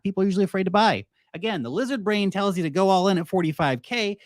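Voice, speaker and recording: An Australian man hosting a casual crypto market show, animated and joking, often mimicking investors. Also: high-pitched, fast talker, few pauses, no room sound, studio quality. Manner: animated, joking, mocks investors in put-on voices. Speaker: crypto video host.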